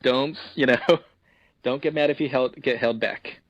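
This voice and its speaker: A man's voice: mid-range voice, moderate pace, no echo, lo-fi sound. A man co-hosting a podcast in a jokey way, often laughing as he talks. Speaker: podcast co-host. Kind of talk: casual podcast chat.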